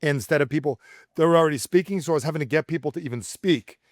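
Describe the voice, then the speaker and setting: A man's voice: on the high side, rapid-fire, dry recording, clean studio sound. A man, a communication coach, telling stories energetically as a podcast guest and acting out the voices he quotes. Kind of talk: podcast interview.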